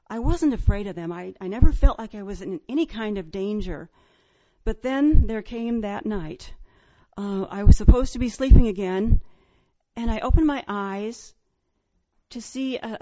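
A woman from Iowa recounts a childhood ghost encounter in an earnest, halting voice, with many restarts and pauses. Her voice sits a little high. The recording sounds dull and lo-fi. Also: dark tone. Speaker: storyteller. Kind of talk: personal ghost story telling.

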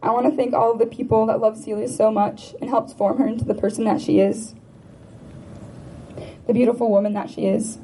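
A woman's voice: fairly high pitch, little pitch movement, a little fast, mellow, breathy edge, poor audio. A woman giving a prepared memorial tribute, earnest and rhythmic, repeating phrases. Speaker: memorial speaker, friend.

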